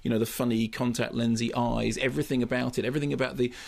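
A man's voice: mid-range voice, steady tone, fast, gravelly. A man giving an impassioned, emphatic radio film review, often restarting his sentences. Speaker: film critic.

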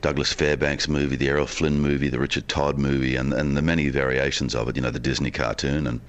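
A man being interviewed on radio from a hotel, telling long relaxed stories about his film work. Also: a bass voice, quick pace. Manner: relaxed, expansive storyteller. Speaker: film actor guest. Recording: down the line from a hotel.

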